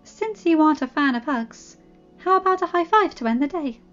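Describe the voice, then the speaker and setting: Perky high storybook troll princess, put on by a woman reader, loud and sing-song. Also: animated, normal speed, lo-fi sound, soft background music. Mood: pleading. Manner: cheerful, sing-song, pleading. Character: bubbly upbeat young female troll princess.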